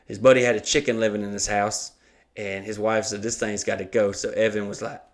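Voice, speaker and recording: A man's voice: fairly low pitch, brisk. A man telling a funny story on a comedy podcast, swearing a lot and acting out the voices of the people in it. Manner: animated, acts out quoted voices, swears a lot. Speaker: podcast co-host.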